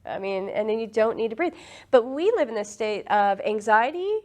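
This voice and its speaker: A woman leads a relaxed meditation talk, her voice sitting a little high. She speaks loosely and conversationally, slowing on key phrases and often laughing. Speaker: meditation teacher. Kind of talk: casual teaching talk to a group.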